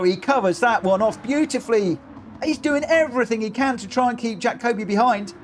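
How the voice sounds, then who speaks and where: A man commentating a racing game live, excitable, cheering drivers on and breaking into shrieks of laughter. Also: sits high, a little hiss or hum. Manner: cheers drivers on with repeated phrases.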